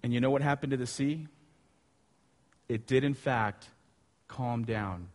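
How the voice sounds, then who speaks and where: A man preaching a sermon with animated storytelling, asking his listeners questions. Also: medium pitch, a little slow. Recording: long hall reverb.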